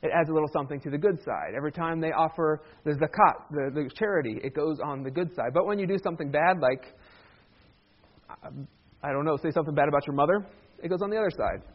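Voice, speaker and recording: Pastor guy giving a sermon, chatty w little jokes, kinda high voice, bit muffled audio. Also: fast talker. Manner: conversational, with humorous asides.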